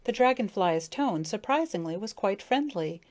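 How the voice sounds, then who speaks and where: A woman narrating a storybook as an audiobook, in steady, clear storytelling. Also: medium pitch, normal speed.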